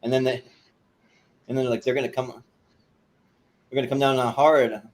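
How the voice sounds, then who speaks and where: A man co-hosting a podcast in casual chat, hesitant and full of fillers, adding quick agreement and quotes from his notes. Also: mid-range voice, little pitch movement. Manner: hesitant, many "like" and "yeah", short agreeing replies. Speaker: podcast co-host.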